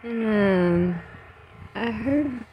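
A woman's voice: mid-range voice, drawn-out words, muffled recording. A woman filming an outdoor vlog on her phone, giving an anxious, breathless running commentary. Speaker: vlogger. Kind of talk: handheld paranormal vlog commentary. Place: outdoors by a road at night. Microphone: phone camera. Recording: phone recording with outdoor noise.

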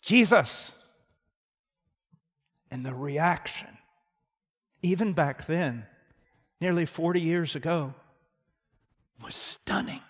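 A man in his sixties preaching a sermon, moving between forceful emphasis and hushed tones and repeating his key phrases. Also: on the high side, slow, long pauses, slightly rough. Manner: dramatic swings from loud emphasis to hushed tones. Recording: long hall reverb.

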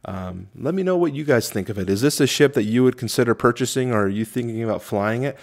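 A man reviewing a tabletop game, reading rule text aloud slowly and thinking out loud with many fillers and restarts. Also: mid-range voice, expressive. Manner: halting, many fillers, reads rules slowly.

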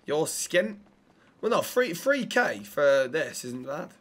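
A man with a high voice, streaming a role-play game. He talks brashly and swears a lot. He throws out insults without missing a beat. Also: big pitch swings, a bit bright. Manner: brash, profane, quick to insult.

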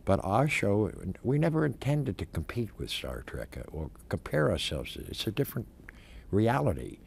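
An older male actor being interviewed about his career, talking in an emphatic, animated way with many restarts and stammers. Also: lowish voice, normal speed, creaky, a little hiss or hum.

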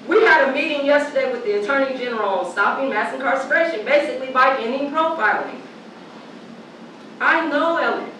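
A woman's voice: sits high, animated, a little fast, fairly bright tone, slight background noise. A woman from Oregon speaking on a panel as a community organizer, blunt and profane, repeating her points with force. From Oregon, United States. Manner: blunt, fiery and profane, with emphatic repetition. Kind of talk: impassioned panel speech. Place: large lecture hall. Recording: echoey hall, voice from far off.

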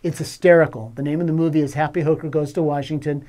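Older man, mellow storytelling voice. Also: fairly high pitch, steady tone, fast. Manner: conversational storyteller, acts out quoted dialogue. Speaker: film director. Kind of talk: anecdote told to camera.

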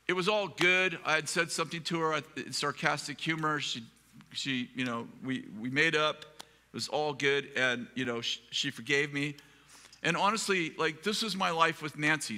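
Male pastor, fairly high and very bright voice, self-deprecating storyteller, hall reverb. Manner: humorous, rambling, self-deprecating. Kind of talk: storytelling sermon. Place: live event hall.

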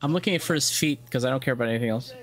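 A man's voice: mid-range voice, rapid-fire. A young man speedrunning a game and narrating it casually, cracking crude jokes, swearing freely and laughing often. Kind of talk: casual gameplay commentary.

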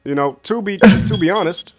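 A man impersonating a measured statesman who speaks deliberately with halting pauses and fillers. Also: sits high, faint music behind, pitched above the performer's own voice, close to an everyday voice.

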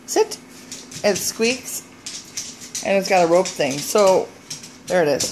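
A mother in her thirties films a family vlog on a handheld camera, first at home and then in a car, talking fondly to her dog in sweet, sing-song baby talk. Her medium-pitched voice has lively intonation, and she goes slowly with long pauses against a noisy background.

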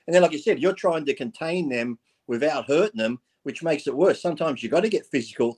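Man, blunt profane storyteller, slightly high voice, casual live chat. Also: expressive, a little fast, darkish tone, husky. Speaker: guest.

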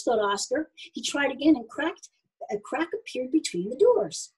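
Husky, expressive woman reading a story. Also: high voice, moderate pace, low-quality recording. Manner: expressive, animated. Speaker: narrator.

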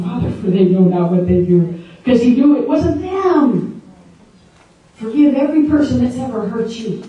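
A woman delivers an emphatic sermon to a gathering of women, firing questions at the room. Her voice is mellow and dark, and she sounds distant from the microphone. A large, heavily echoing room surrounds her. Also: medium pitch, dull audio. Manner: emphatic, asks the audience questions. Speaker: preacher. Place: large echoey meeting room. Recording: very echoey room, distant mic.

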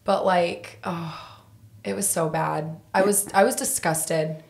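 A woman in her thirties with a slightly low voice tells a story in a relaxed podcast chat. She talks candidly and swears freely, with many fillers along the way. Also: slow pace, gravelly. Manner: candid and profane, with frequent laughs and fillers. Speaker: guest hairdresser.

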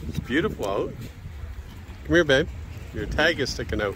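A Canadian man giving relaxed, casual walking commentary to his viewers and partner at a garden nursery. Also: medium pitch, normal speed. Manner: relaxed, chatty, addresses viewers and partner often. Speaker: travel vlogger. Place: garden nursery, outdoors and in greenhouse. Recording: outdoor recording with background noise.

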